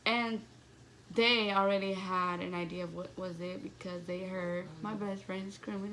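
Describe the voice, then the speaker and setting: A woman's voice: lowish voice, steady tone, normal speed, gravelly, noisy background. A young woman telling a personal story in a casual vlog, swearing freely and saying "like" constantly. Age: young adult. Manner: casual, profane, heavy use of "like". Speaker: vlogger.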